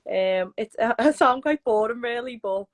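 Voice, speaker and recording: A woman's voice: on the high side, normal speed, rough recording. A young woman from Liverpool, chatting casually as a guest and laughing often. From Liverpool, England. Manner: laid-back, laughs often, many fillers. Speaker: guest footballer. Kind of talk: casual chat.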